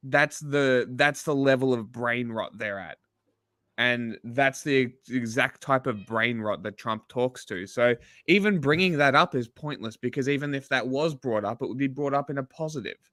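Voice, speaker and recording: A man's voice: mid-range voice, normal speed, fairly bright tone, no room sound, clean studio sound. Profane, sarcastic man on a livestream. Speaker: livestream co-host. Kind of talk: casual political chat.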